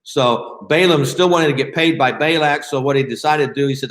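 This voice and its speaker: A man leading a Bible study in a casual, conversational way, often pausing with fillers and restarting his sentences. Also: fairly high pitch, fairly bright tone, echoey room.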